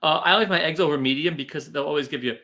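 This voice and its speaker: A man co-hosting a podcast, jumping in with quick teasing jokes in casual chat. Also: fairly high pitch, pushed and bright. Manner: quick teasing interjections, laughs easily. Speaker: podcast co-host.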